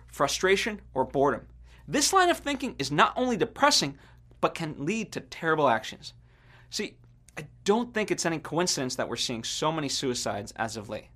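A man's voice: on the high side, a bit bright. A man hosting a podcast, delivering an earnest, reflective scripted monologue. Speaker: podcast host.

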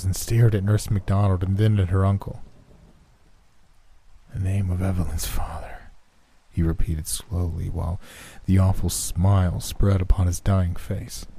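A man narrating a horror story in a slow, measured way. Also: low-pitched, dark tone.

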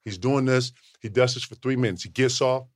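A man in his forties, a former pro athlete, telling animated, profane stories as a guest in a casual podcast studio chat. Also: mid-range voice, brisk, no echo. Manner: animated, profane, swaggering storyteller.

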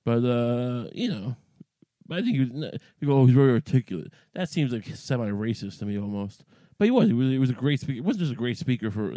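A man's voice: medium pitch, big pitch swings, fairly quick, dark tone, no echo. A man hosting a podcast, talking in a rambling, profane monologue full of restarts and asides. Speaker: podcast host.

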